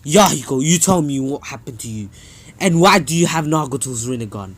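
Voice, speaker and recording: A young man voicing an old male ninja mentor who talks loudly and insistently in a fan story. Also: mid-range voice, lively intonation, a little fast, lightly acted. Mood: demanding. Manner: loud and insistent.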